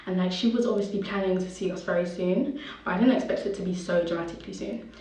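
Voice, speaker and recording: A young woman, telling a personal story haltingly and with emotion, her speech full of "like". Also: on the low side, warm tone, recorded from a distance, slight background noise. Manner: halting, heavy use of "like", emotional. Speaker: vlogger. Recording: very echoey room, voice off the mic.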